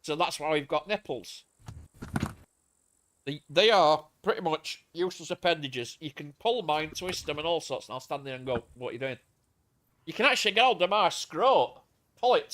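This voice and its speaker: A man's voice: a little high, animated, a little fast, fairly bright tone, a little hiss or hum. A man, streaming a game and rambling crudely in casual chat.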